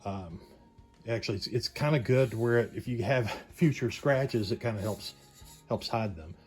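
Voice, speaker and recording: Man, restorer type, casual hands-on demo at a workbench, loose unhurried talk, faint music behind. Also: fairly low pitch, darkish tone. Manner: thinks aloud, loose and unhurried. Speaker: pinball restorer. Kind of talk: casual workshop demonstration. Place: home workshop at a workbench.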